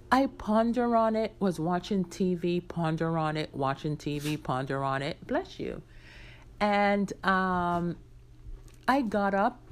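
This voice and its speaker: A woman hosting her own podcast, telling a personal story candidly and talking straight to her listeners. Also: on the low side. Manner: candid, conversational, addresses listeners directly. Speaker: podcast host.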